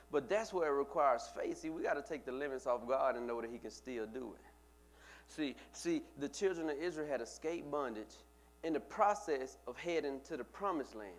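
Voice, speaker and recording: A pastor delivering a sermon in a casual, conversational way. His voice sits a little high for a man. He often stumbles into repeated words and speaks straight to his congregation.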